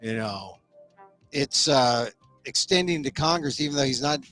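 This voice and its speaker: A man's voice: mid-range voice, animated, fairly bright tone, faint music behind. A man hosting a talk show, chatting casually and agreeably with a guest. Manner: conversational, agreeable, frequent quick affirmations. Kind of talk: casual chat.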